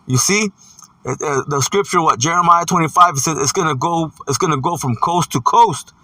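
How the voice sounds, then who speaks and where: A man's voice: fairly high pitch, fairly quick, sharp tone, dry recording, recorded from a distance. A man preaching a scripture sermon, reading verses aloud and stressing points with "see" and "man". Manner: emphatic, punctuates with "see" and "man".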